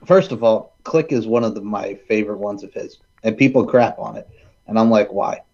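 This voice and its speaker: A man hosting a casual film chat, excitedly retelling scenes and quoting lines in funny voices. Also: on the low side, a little fast, vocal fry, dull audio. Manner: animated, quotes movie lines in funny voices. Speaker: podcast host.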